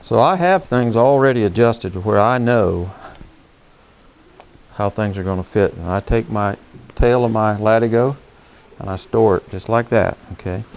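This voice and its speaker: A horsemanship instructor, his voice on the low side and a little mellow, works on a saddle next to his horse at a moderate pace. His talk is folksy and plain-spoken, and he keeps checking in with "okay?"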